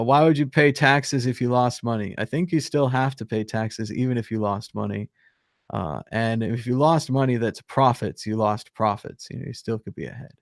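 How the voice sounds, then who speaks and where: Recorded dry in a clean studio, a medium-pitched man runs a casual live stream about crypto. His talk wanders and is packed with fillers. He reads out what viewers type, chuckling along.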